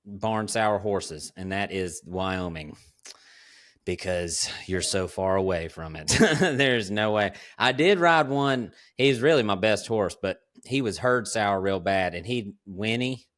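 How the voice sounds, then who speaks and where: A man, hosting a podcast and telling ranch stories in a relaxed, drawling way, laughing often. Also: on the low side, slow pace. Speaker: podcast host. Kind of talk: casual storytelling chat.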